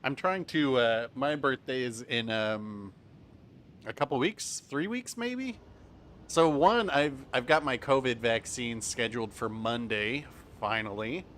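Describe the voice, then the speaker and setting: A relaxed man talks his way through a live game stream, tossing out jokes and chuckling between his remarks. His voice sits at an ordinary middle pitch. A faint hiss runs underneath. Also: unhurried. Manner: chatty, laughs often, jokey asides. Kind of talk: live gameplay commentary.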